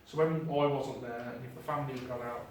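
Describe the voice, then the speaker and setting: A man's voice: medium pitch, little pitch movement, fast talker. A man giving a casual, chatty talk to a live audience as a paranormal investigator, with plenty of ums and self-deprecating asides. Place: hall with an audience. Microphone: clip-on mic heard from a distance. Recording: very echoey hall, distant mic, noisy.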